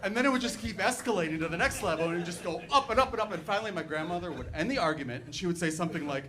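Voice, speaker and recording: A middle-aged man doing a stand-up comedy set on a club stage, telling stories in a chatty, animated way full of "like" and "right". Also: high voice, racing, few pauses, crowd noise. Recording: live club recording, background noise.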